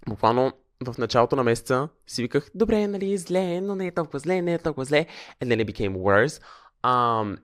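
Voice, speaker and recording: A man's voice: lowish voice, a bit bright, clean tone. Profane young man. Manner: candid, profane, switching between English and Bulgarian. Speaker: podcast host. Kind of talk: casual solo confessional chat.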